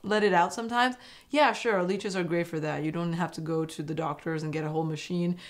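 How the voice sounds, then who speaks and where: A woman's voice: fairly low pitch, a little fast. Chatty laughing woman recapping. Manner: chatty, laughs often, animated quoting. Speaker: recap vlogger. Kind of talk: casual recap commentary.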